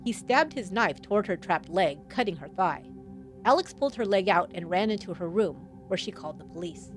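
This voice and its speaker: A woman's voice: mid-range voice, animated, fairly quick, soft background music. A woman hosting a true crime podcast, reading a scripted account with wry asides thrown in. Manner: wry asides between dramatic retelling.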